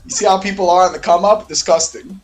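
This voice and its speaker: A man's voice: sits high, fast, faint music behind. A man from New York on a podcast over a Discord call, swearing and playing up his indignation. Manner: animated, swearing, playfully indignant. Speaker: podcast co-host. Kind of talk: casual chat.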